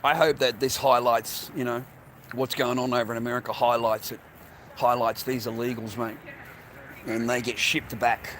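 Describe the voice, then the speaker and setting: A man's voice: medium pitch, flat delivery, moderate pace, fairly bright tone. An older man with an Australian accent, livestreaming a blunt, profane street rant and calling everyone "mate" and "bro". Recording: noisy outdoor phone stream.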